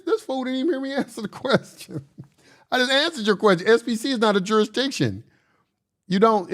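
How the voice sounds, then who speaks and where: A man hosting a casual livestream, lecturing his chat in a combative, boastful, slangy way and repeating phrases for emphasis. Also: high voice. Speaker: livestream host answering chat.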